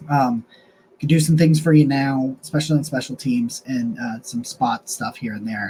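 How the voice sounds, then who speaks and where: A man's voice: mid-range voice, a little mellow, slight background noise, rough recording. A young man casually breaking down football draft picks on his own show, talking loosely with restarts and fillers, a touch hiccupy. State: has the hiccups. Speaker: sports podcast host. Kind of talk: casual sports analysis monologue.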